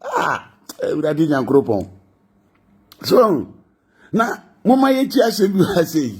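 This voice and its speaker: A man's voice: high voice, wildly swooping pitch, a little slow, husky. A man with a Ghanaian accent giving mocking gossip commentary, laughing often between lines. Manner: laughing, mocking, mixing languages.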